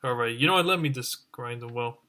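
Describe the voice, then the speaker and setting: A man's voice: mid-range voice, fairly quick, pushed and bright. A man giving a ranting review as an online reviewer, exasperated and exclaiming over and over.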